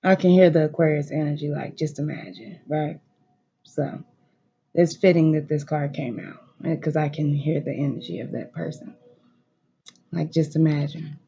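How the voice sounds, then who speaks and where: A tarot reader speaks straight to viewers with a dark, mellow tone, full of emotion and repeating encouragement over and over. They swear freely and lean hard on each phrase. The home recording sounds slightly muffled and lo-fi, with a faint hiss behind the voice. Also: medium pitch, steady tone, moderate pace, vocal fry. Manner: emphatic, repetitive, profane, emotionally intense. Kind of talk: tarot card reading, direct address to viewers. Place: room at home.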